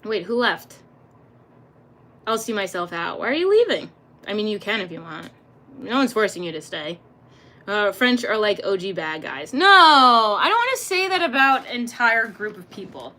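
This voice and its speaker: Young woman streamer, bright voice, playful and profane, laughs a lot while reading chat. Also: mid-range voice, sing-song, normal speed. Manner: swears freely, laughs often, chatty and playful. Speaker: livestream host reading chat. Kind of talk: casual livestream chat.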